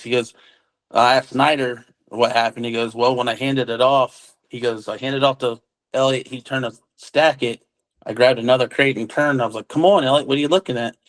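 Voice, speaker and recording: A man, a witness, telling his story in a relaxed conversational way, acting out what others said and using casual military slang. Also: medium pitch, rough recording. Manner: acts out quoted dialogue, relaxed military slang. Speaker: witness recounting an encounter.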